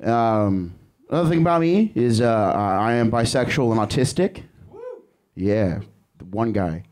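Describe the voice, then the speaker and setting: A man's voice: lowish voice, lively intonation, measured pace, a little mellow. A young man doing a crude, rambling stand-up set on a comedy club stage, breaking off to laugh at himself. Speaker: stand-up comic.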